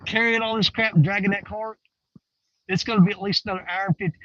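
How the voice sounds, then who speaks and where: A man talking casually to viewers from a riverbank, folksy and rambling, swinging between excited and hushed. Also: sits high, quick pace, no echo, highs cut off. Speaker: outdoor fishing vlogger. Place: outdoors on a riverbank.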